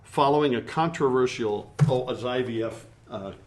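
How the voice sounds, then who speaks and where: A middle-aged man co-hosts a relaxed live stream, bantering with his partner and reading out viewer comments. His tone is playful and teasing, with a mid-range voice. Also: medium pitch, normal speed. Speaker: co-host of a live stream show. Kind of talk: casual joking live-stream chat.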